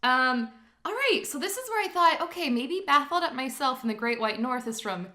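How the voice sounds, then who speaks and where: Bright high-voiced woman podcast host. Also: very animated. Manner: upbeat, quick to laugh. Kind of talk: scripted intro then casual chat. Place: home.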